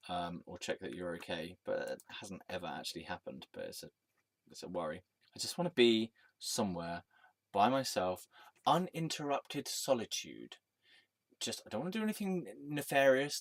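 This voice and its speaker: Man, lowish voice, rambling sweary vlog monologue with frequent laughs; dry close sound. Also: no echo. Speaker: storytelling vlogger.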